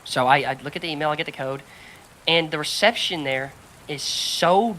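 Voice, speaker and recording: A woman chatting on a podcast with a bright, forceful voice. She tells a long work story in an animated, profane way, slipping into quick impressions of the people in it. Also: low voice, slight background noise, poor audio. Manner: animated storyteller, heavy swearing, acts out quotes. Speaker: podcast co-host. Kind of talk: casual chat.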